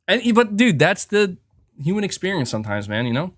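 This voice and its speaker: A man hosts a live podcast, talking loosely to his chat with many fillers, restarts and asides. His fairly high voice swoops in a lively way, and the close mic sound is dry with no room echo. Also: moderate pace. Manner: rambling, self-reflective, frequent fillers and restarts. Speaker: podcast host. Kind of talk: casual livestream chat.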